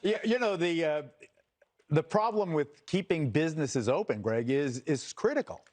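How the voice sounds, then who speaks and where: An older man on a talk panel who speaks haltingly, with many restarts and fillers. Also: on the high side, animated, a little mellow. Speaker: panel guest. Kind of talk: panel discussion.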